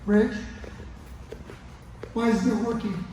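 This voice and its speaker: On training gym mats, a man coaches grappling, demonstrating a technique and often checking in with his partner. His warm voice sits high, with fairly even intonation and a slow pace. A little hiss or hum and the gym's long, echoey reverb are audible.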